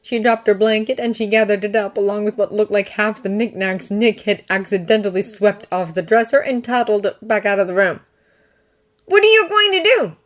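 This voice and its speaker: A woman reading fan fiction aloud in steady, even audiobook narration. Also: medium pitch, brisk, few pauses. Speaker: fanfiction narrator.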